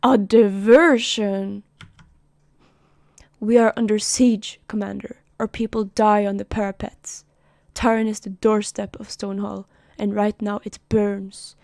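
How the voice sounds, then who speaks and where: A desperate officer under siege pleads in a raised, accusing voice, as a woman reads the part aloud. The tone is gravelly and warm, close and dry, with a formal, urgent delivery. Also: medium pitch, little pitch movement, a little slow, no echo.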